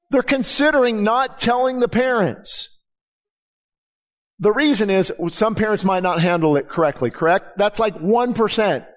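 A middle-aged man, a pastor giving a conversational sermon and acting out the dialogue in his stories. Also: high-pitched. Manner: conversational preaching, acts out dialogue in anecdotes.

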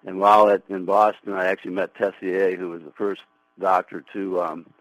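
An older man, a plastic surgeon, rambles on a call to a radio show, stumbling over restarts. His voice is very low. The call sounds dry and close. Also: little pitch movement, fairly quick, a bit bright, dry recording, rough recording.

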